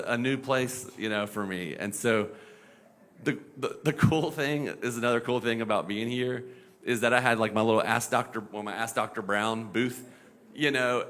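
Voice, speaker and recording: A middle-aged man and pediatric epilepsy doctor, talking casually on a panel, animated and full of fillers, now and then mimicking voices. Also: mid-range voice, slight background noise. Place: event panel.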